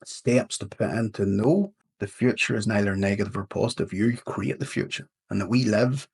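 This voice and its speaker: A man with a Northern Irish accent speaks as a podcast guest, his voice low and gravelly. He talks through ideas casually and slips into storytelling. There is a husky roughness to his tone. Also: normal speed. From Northern Ireland. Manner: storytelling, animated quotes in a fable. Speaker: podcast guest, leadership coach. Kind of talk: casual interview talk.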